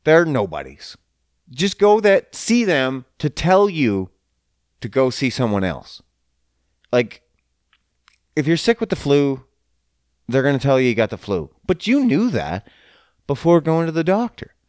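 A man's voice: fairly high pitch, very animated, a little slow, long pauses, a little mellow, no room sound, clean studio sound. A man in a casual, profane rant who swears often and slips into mocking voices. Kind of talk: casual ranting monologue.

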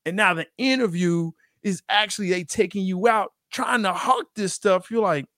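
A man co-hosting a podcast in casual chat, telling stories in animated, quick bursts. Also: high-pitched, no echo, studio quality. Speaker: podcast co-host.

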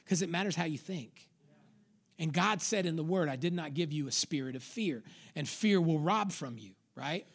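A man's voice: a little high, lively intonation, normal speed. A male pastor preaching a sermon with emphatic repetition, sometimes acting out an inner voice. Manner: emphatic preaching, repeats lines for stress, acts out inner voices.

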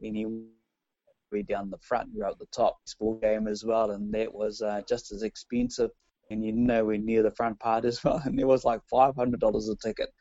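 A man's voice: fairly low pitch, flat delivery, normal speed, dark tone, no room sound, muffled recording. A man from New Zealand with a New Zealand accent, co-hosting a radio show in casual banter, chatty and laughing often. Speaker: radio co-host.

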